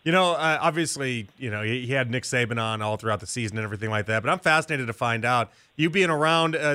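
A man's voice: mid-range voice, bright, forceful tone. A man from Chicago hosting a sports radio show, chatty and conversational as he questions a guest. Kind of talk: radio interview host.

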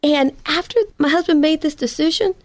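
A tearful middle-aged wife speaks earnestly about her troubles, as a woman preacher quotes her. Her voice sits fairly high and carries a grieving weight. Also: moderate pace, no room sound, natural voice. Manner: earnest, emotional retelling.

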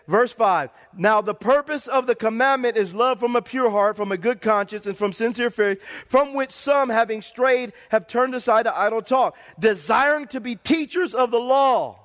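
A middle-aged man preaches a sermon in a high, lively voice. He tells stories animatedly and keeps calling the congregation for an amen. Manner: animated storytelling preacher, calls for amens. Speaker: pastor.

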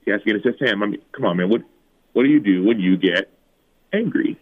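Low-voiced man telling his story over a tinny line. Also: quick pace. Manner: animated retelling, acting out quotes in a higher voice. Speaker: guest, former football player. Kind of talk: personal storytelling in an interview. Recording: tinny phone-like remote line.

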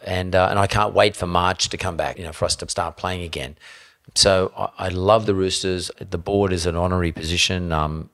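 A man's voice: sits low, fairly even intonation, brisk, fairly bright tone. A middle-aged Australian man, a podcast guest, telling blunt, swear-laden anecdotes in casual chat.

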